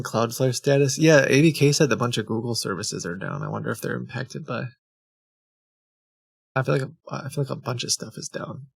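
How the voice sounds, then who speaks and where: Gravelly, rambling male streamer. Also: mid-range voice, no echo, clean studio sound. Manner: rambling, reads chat logs aloud with frequent ums and restarts. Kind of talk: casual live-stream chat.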